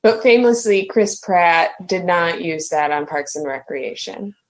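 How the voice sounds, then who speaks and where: A woman's voice: lowish voice, expressive, a little slow. Female co-host, playful, enthusiastic interjections. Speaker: podcast co-host. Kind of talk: casual chat.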